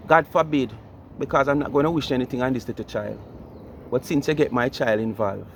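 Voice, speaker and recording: A man's voice: fairly high pitch, slight background noise. A man with a Jamaican accent giving a mocking, comedic ranting commentary, repeating the listener's name over and over. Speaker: vlogger.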